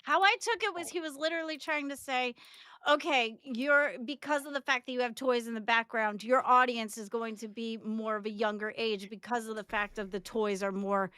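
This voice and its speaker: A woman's voice: fairly high pitch, moderate pace, bright, forceful tone, smooth. A woman on a livestream panel, agreeable and conversational, explaining her view. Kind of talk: casual chat.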